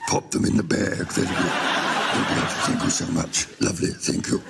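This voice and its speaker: A man's voice: fairly even intonation, moderate pace. A man voicing an older royal woman with a compulsive shopping habit, genteel and breezy. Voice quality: very deep, gravelly. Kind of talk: improvised comedy sketch. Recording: noisy studio with audience laughter.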